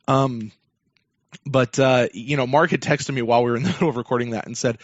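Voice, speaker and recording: On his sports podcast, this man tells a long, meandering tale, stumbling over fillers and starting sentences over. He speaks briskly at a medium pitch. The audio is dry, dull and lo-fi.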